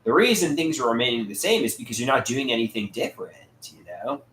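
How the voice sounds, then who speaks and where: Halting man on a livestream, roomy echo. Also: mid-range voice, very animated, fairly bright tone. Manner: halting, repeats words and restarts often. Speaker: livestream host reading chat. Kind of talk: casual live chat with viewers. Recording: roomy echo, faint background noise.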